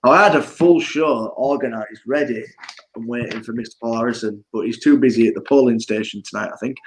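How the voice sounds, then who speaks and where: A man hosting a casual livestream chat show, loud and bantering, laughing often. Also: medium pitch, fairly quick, slight background noise, low-quality recording. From United Kingdom. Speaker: host.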